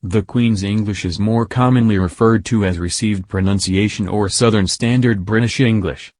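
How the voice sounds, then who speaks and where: A man narrates a news piece in a lowish voice. His delivery is steady and read-aloud. The recording is dry, with no room sound. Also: moderate pace, dry recording.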